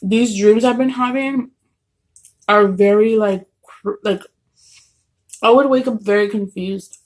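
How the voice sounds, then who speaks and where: While eating, a woman vlogger tells a story casually at home in a medium-pitched, slow voice, rambling with lots of fillers and restarts.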